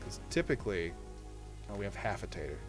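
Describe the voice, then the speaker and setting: A man's voice: deep voice, very animated, fairly quick, music in the background. A man hosting a casual chat show over a video call, joking and rambling playfully. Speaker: host.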